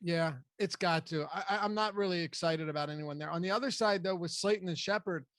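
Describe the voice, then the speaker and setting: A man hosting a fantasy football talk show in casual, conversational analysis. His voice sits a bit high for a man, and the sound is close and dry. He restarts his sentences often. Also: brisk, fairly bright tone, dry recording. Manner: conversational, loose with frequent restarts. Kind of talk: casual sports analysis chat.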